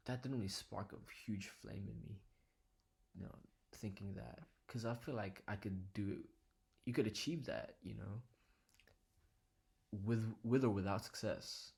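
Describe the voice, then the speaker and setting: A young man talking quietly and earnestly in a personal vlog from his living room, sometimes dropping to a whisper. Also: lowish voice, moderate pace, creaky, slightly rough. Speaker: vlogger.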